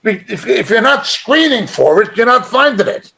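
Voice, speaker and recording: A man's voice: very high voice, big pitch swings, moderate pace, gravelly, pushed and bright. A middle-aged man teaching an informal sermon in a conversational, emphatic way, chuckling now and then. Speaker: Bible teacher.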